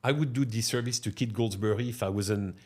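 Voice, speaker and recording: His voice on the low side and his delivery fairly quick, a middle-aged man with a French accent recounts stories in an interview. He's a restaurateur guest, animated, and fond of tacking "no?" and "huh?" onto his sentences.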